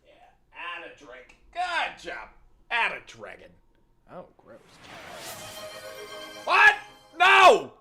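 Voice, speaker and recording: A young man, streaming a game and bantering loudly with chat. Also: fairly high pitch, wildly swooping pitch, slow pace, faint music behind. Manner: loud joking banter, swearing, shouting greetings. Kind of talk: casual gaming livestream chat.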